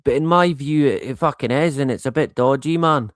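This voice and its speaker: A man's voice: mid-range voice, fairly quick, no echo, clean studio sound. A man hosting a livestream in a casual, rambling monologue, laughing often and swearing freely. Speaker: livestream host.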